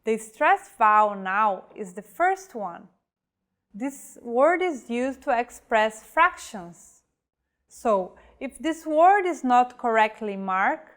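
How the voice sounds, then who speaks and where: Slow, careful woman teacher. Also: a little high, expressive. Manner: slow, careful, enunciating example words. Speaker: language teacher. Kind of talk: slow scripted pronunciation lesson.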